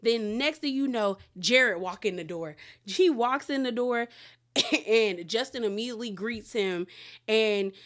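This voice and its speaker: A woman's voice: fairly high pitch, measured pace. A woman hosts a casual recap of a reality show. She tells the story with big energy and acts out each quote as she goes, and her chat is loose and full of laughter.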